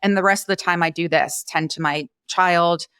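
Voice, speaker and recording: A woman hosting a podcast interview, speaking in a gentle, thoughtful and encouraging way. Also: on the low side, fairly even intonation, normal speed, clean tone, no echo, clean studio sound. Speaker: podcast host. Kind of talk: conversational interview.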